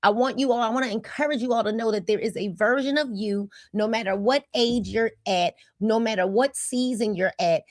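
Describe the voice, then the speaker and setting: A woman's voice: fairly high pitch, brisk, few pauses, no echo, studio quality. A woman, hosting a casual livestream and greeting viewers by name in an upbeat way. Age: 50s. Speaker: host of a livestream.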